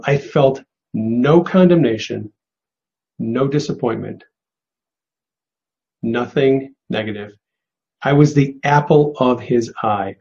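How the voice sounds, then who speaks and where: A man's voice: medium pitch, vocal fry, a little mellow, dull audio. A man hosting a live spiritual broadcast, teaching and answering callers in an earnest, encouraging way with frequent restarts. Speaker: host of a live prophetic broadcast.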